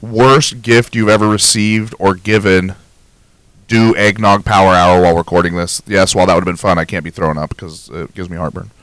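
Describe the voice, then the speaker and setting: A man's voice: low-pitched, little pitch movement, moderate pace, fairly bright tone, no room sound. A man co-hosting a podcast in casual, joking, profane banter. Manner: joking, profane, laid-back. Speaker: podcast co-host.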